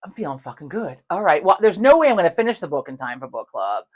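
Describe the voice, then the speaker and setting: On a casual podcast she co-hosts, a woman with a husky, lowish voice races through a story, cursing freely and animatedly playing both parties in each conversation. The audio sounds lo-fi.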